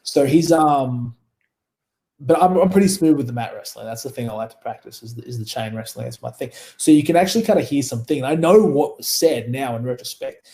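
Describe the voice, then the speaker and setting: A man's voice: mid-range voice, fairly quick, dark tone. A man with an Australian accent, a wrestler telling stories in a casual interview, rambling, laughing often and swearing freely. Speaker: guest wrestler.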